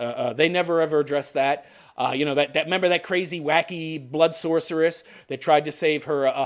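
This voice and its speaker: A man's voice: fairly high pitch, fairly bright tone. A man ranting sarcastically in casual commentary, laughing often and swearing as he mocks what he describes. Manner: sarcastic, laughing, profane, mocking quoted characters. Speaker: commentary host.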